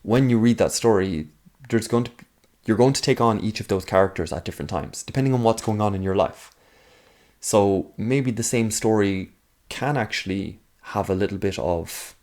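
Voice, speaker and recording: A video essayist with a fairly low, slightly mellow voice delivers a loose, unscripted talking-head monologue straight to camera. He rambles and thinks aloud, drifting onto tangents with plenty of asides and fillers like "um" and "like," and sometimes argues back at himself in a mock second voice before getting back to his point.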